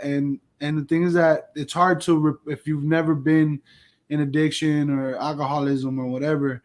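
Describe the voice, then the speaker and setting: A man speaks earnestly as a guest on a casual livestream chat, his voice sitting a little high. He talks haltingly, often breaking off and starting his sentences over.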